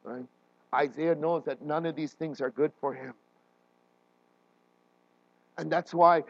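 A man preaching a sermon as a pastor, animated and often checking in with his listeners, with frequent restarts and fillers. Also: fairly high pitch, slow pace, vocal fry, pauses often, dry recording, dull audio.

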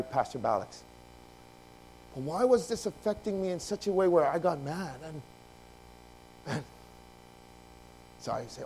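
A male pastor preaching a sermon, telling a personal story with lively acted-out dialogue, swinging between loud outbursts and hushed confession. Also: on the high side, creaky, poor audio.

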